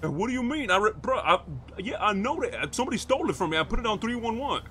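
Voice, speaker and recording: A man role-playing a mechanic in a game, excitable, slangy and swearing a lot. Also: high voice, fast talker, a little hiss or hum. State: out of breath. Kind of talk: in-character game role-play.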